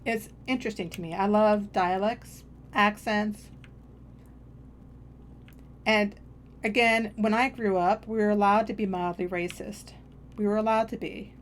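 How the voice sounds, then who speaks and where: A woman's voice: medium pitch, steady tone, measured pace, long pauses, a little hiss or hum. Woman streamer just rambling on while she plays, kinda self-deprecating, faint keyboard clicks behind. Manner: chatty, meandering, self-deprecating. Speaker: game streamer. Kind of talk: casual rambling chat while gaming.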